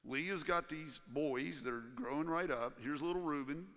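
High-pitched animated male preacher. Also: normal speed, long reverb tail. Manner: animated, acts out quoted voices. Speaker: pastor. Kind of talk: sermon. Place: church sanctuary.

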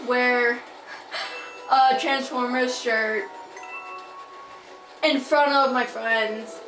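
A young woman doing casual, excitable commentary over her own gameplay, swearing and rambling. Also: a little high, recorded from a distance. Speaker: let's play gamer. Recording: roomy, off-mic, with game music. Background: video game music.

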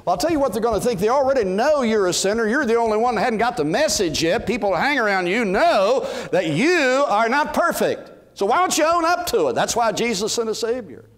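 A man's voice: extremely high pitch, brisk, hardly any pauses. A man preaching a sermon, acting out what Bible figures might have said. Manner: animated preaching, acting out Bible characters' words. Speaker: pastor.

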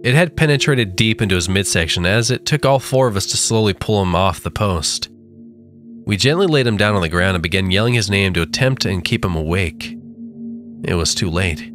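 A man narrating a first-person horror story with a dramatic, drawn-out delivery. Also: fairly low pitch, fairly bright tone. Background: faint music.

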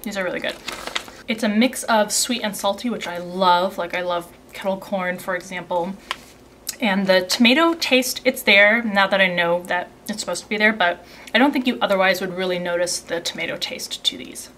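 A young woman giving a casual unboxing and tasting review at home, reading ingredient lists aloud and slipping into soft, quiet asides. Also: medium pitch, moderate pace, slight background noise. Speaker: beauty and subscription box vlogger.

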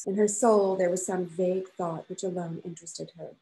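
A woman, an author and professor, reading a novel aloud to a class in a measured, expressive way. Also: fairly low pitch, low-quality recording.

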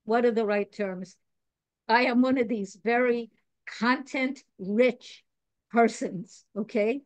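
A woman's voice: on the high side, a little mellow, no echo. A woman from New York, a podcast guest, talking in a chatty, digressive way, laughing at herself and earnest about spiritual growth. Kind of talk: casual chat.

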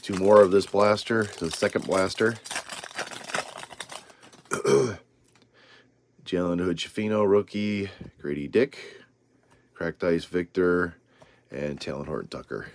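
A man's voice: sits low, slow pace, long pauses, a little hiss or hum. A man hosting a casual card-opening video, reading off names with rambling asides. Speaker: trading card channel host.

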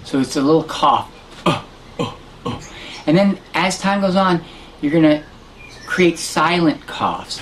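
A man teaching a harmonica lesson, explaining technique in a relaxed way and correcting himself as he goes. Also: on the high side, slow, long pauses, slight background noise, poor audio. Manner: demonstrates sounds and counts beats aloud. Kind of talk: instructional lesson.

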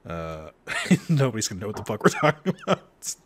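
A man's voice: fairly low pitch, sing-song, brisk. A man co-hosting a casual podcast chat, teasing his friend and laughing often. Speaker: podcast co-host.

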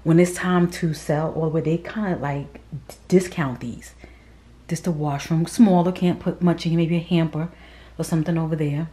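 Low, mellow-voiced woman vlogging casually. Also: steady tone, normal speed, slight background noise. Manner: chatty and candid, often drops to a whisper. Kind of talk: casual chat while touring a model home. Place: indoors, model townhouse.

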